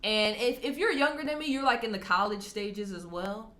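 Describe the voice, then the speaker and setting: A woman's voice: mid-range voice, normal speed. A woman talking casually to camera as a vlogger answering viewer comments, chatty and candid, often laughing as she talks. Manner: animated, acts out quoted people in shifting voices.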